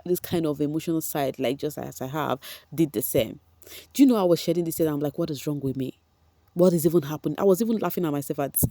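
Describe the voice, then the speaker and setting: Chatty Nigerian woman vlogger, warm tone. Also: sits low, no echo. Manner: chatty and excitable, keeps addressing viewers as guys. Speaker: reality show recap vlogger. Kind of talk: casual gossip recap.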